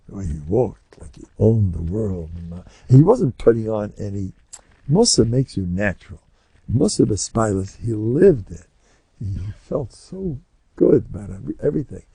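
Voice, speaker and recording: An older rabbi with an American accent delivers a Torah lecture to a room of listeners. His voice is mellow and gravelly, and his pitch swoops widely as he acts out his stories. The sound is dry and close. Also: moderate pace, no room sound. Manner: animated storyteller who acts out scenes.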